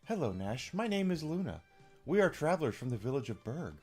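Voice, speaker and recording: A kind young heroine, as a man lifts his voice to play her in a game. She speaks politely and softly, introducing her companions. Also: a little high, sing-song, brisk, husky, soft background music, pitched above the performer's own voice. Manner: polite, soft-spoken. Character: gentle polite young woman traveler.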